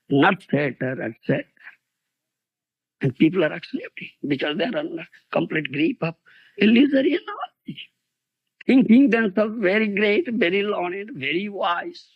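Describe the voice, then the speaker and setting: Animated man preaching on old tape. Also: sits high, slightly rough, dry recording. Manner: animated storytelling, often laughing and asking "do you understand?". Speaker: spiritual teacher. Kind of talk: lecture-style sermon. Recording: lo-fi 1990s lecture tape.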